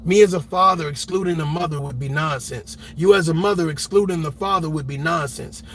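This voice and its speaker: A man's voice: fairly high pitch, brisk, slight background noise. A man giving a heated reaction commentary, emphatic and blunt, repeating words and swearing freely as he argues. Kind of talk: ranting commentary.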